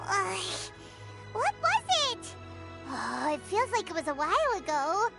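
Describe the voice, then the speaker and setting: A woman's voice: extremely high pitch, wildly swooping pitch, measured pace, creaky, full character voice. A woman voicing a tiny, bubbly floating girl companion in a game, who talks about herself in the third person. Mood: excitable. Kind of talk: game dialogue. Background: game music.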